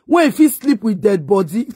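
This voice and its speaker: A woman's voice: a little high, lively intonation, fairly quick, dry recording, clean studio sound. A middle-aged Nigerian woman vlogger delivering a mocking, insulting rant. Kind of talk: ranting monologue.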